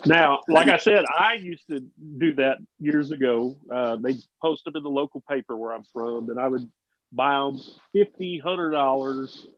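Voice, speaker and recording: A male host in relaxed conversation, agreeable and quick to laugh along with his guests. His pitch is ordinary for a man. The audio is a bit muffled and lo-fi. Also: dry recording. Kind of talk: casual discussion. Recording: slightly dull lo-fi audio.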